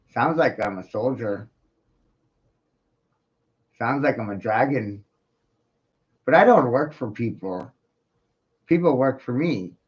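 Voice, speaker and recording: A man giving rambling, profane solo commentary, full of rhetorical questions. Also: on the low side. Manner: rhetorical, profane, keeps asking "right?"; slow, drawn-out delivery. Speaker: commentary streamer. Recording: dull lo-fi home recording.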